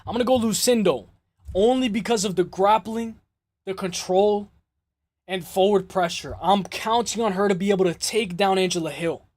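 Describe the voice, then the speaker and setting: A man's voice: sits high, normal speed, a little mellow, no echo. A man hosting a casual live stream about fights, talking loosely, swearing and reading the chat aloud. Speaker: host of a live MMA stream.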